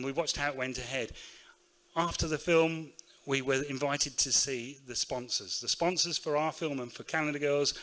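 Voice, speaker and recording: A middle-aged man with a Northamptonshire accent, telling anecdotes in a storytelling talk at a conference. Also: mid-range voice. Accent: Northamptonshire English. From England. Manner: lively anecdotal storyteller, acts out quotes. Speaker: keynote speaker, shoe factory owner. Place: conference room.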